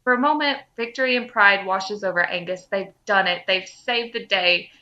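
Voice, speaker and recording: Woman podcast host, lively fan-fiction reader, bright tone; lo-fi audio. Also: medium pitch, normal speed. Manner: lively, breaks into laughter. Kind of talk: reading fan fiction aloud.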